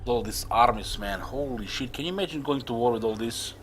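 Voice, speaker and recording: A young man from Croatia giving casual live commentary on a strategy game, excitable and swearing, halting with fillers. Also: mid-range voice, a little hiss or hum. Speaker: streamer.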